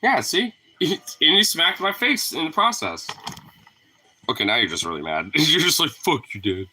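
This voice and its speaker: Man, casual vlog, teasing his dog, lots of swearing, bright forceful voice, lively pitch. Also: moderate pace, breathy edge. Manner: playful, profane, teasing. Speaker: dog owner.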